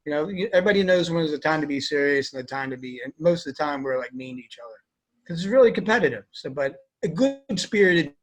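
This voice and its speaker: A man's voice: a little high, expressive, quick pace. A young man, an army veteran, answering interview questions in a rambling, casual way with many fillers.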